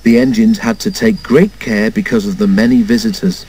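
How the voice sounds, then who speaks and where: A man reading a children's storybook aloud in an expressive way, doing all the character voices himself. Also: lowish voice, moderate pace, breathy edge, rough recording. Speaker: storybook narrator.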